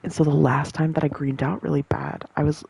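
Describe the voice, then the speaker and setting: A woman's voice: low-pitched, level tone, fairly quick, gravelly, darkish tone, husky, low-quality recording. A young woman rambling in casual chat, laughing often and swearing freely.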